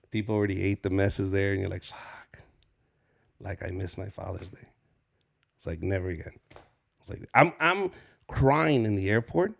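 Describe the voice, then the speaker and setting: A man's voice: on the low side, vocal fry, darkish tone. A man in his forties from Southern California, a stand-up comedian telling loose, profane stories as a guest in an interview. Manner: loose, profane storytelling, acts out voices. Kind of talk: casual storytelling interview.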